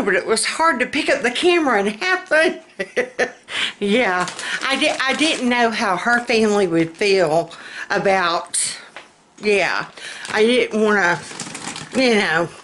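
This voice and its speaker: A woman's voice: medium pitch, fairly bright tone. A middle-aged woman with a Southern US accent talks to her camera in a home kitchen, taking her time over each thought. Her words come out a bit slurred from denture adhesive, and her manner is folksy and chatty. A faint hum of room noise sits behind her. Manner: chatty, folksy, laughs often. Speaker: vlogger. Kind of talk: casual chat.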